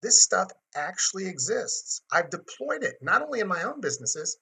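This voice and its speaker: A man teaching a marketing webinar in a bright, forward tone with a husky edge. He talks in a chatty, conversational way and likes to act out short scenes for his listeners. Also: high voice, big pitch swings, normal speed. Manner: chatty, acts out dialogue. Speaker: webinar host.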